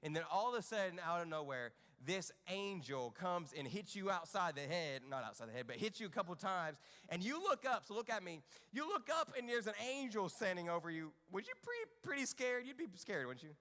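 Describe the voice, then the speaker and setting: A man's voice: high voice, fairly quick, hardly any pauses, long reverb tail. A man leading a children's church lesson, acting out a Bible story and asking the kids questions. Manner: animated, asks the children questions. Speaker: children's ministry leader. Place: church kids' room stage.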